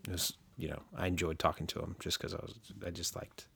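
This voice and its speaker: A man co-hosting a casual podcast, relaxed and reflective, sharing a story. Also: sits low, quick pace, vocal fry, slightly rough. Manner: relaxed, reflective, brief interjections. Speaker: podcast co-host.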